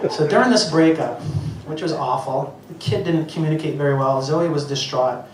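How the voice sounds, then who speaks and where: A middle-aged stand-up comedian on stage tells self-mocking stories to a live audience, swearing freely. His voice is on the high side at normal speed, heard from a distance in an echoey venue with loud ambience and a crowd in the background.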